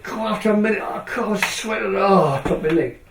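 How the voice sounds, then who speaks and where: A man's voice: high voice, fairly quick, noisy background. An older man, a retired speedway rider from England, telling a long anecdote and acting out the other people's lines. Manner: animated storyteller, acts out other people's lines. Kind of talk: anecdotal storytelling. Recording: echoey room, from a distance.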